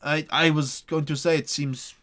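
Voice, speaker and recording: A man voicing a meek, earnest male priest in a tabletop game, speaking haltingly with frequent stammers. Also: on the high side, level tone, fairly bright tone, pitched above the performer's own voice, close to an everyday voice. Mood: gracious.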